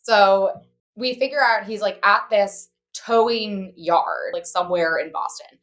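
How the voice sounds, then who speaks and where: A woman's voice: mid-range voice, measured pace, fairly bright tone. A young woman co-hosting a podcast, telling a story in a chatty way, saying "like" a lot and swearing bluntly. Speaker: podcast co-host. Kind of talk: casual storytelling chat.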